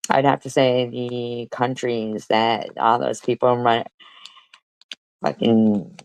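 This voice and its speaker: A woman's voice: very deep voice, little pitch movement, a little slow, no echo, poor audio. A middle-aged woman streamer, profane and mocking, talking back at a clip she is playing. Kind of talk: heated commentary over played clips.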